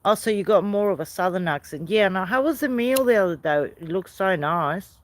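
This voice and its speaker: A woman's voice: mid-range voice, a little fast, slight background noise. A woman hosting a casual live stream outdoors by a night fire, chatting with viewers, greeting them by name and laughing often. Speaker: livestream host.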